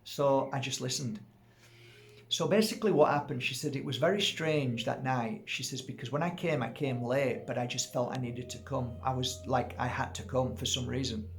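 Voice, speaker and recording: A middle-aged man telling a personal story in a casual, animated way, acting out what people said and laughing at himself. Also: mid-range voice, moderate pace. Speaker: crystal healer telling a story.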